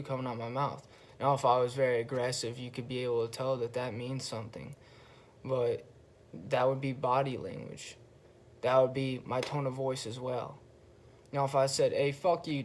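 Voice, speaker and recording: A young man talks on his own in a laid-back, unhurried way, his voice staying flat and even with little rise or fall. A faint bed of room noise sits under him as he pauses and swears his way through a casual monologue. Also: mid-range voice. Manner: slow, flat, relaxed delivery with pauses and frequent swearing. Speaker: podcast host.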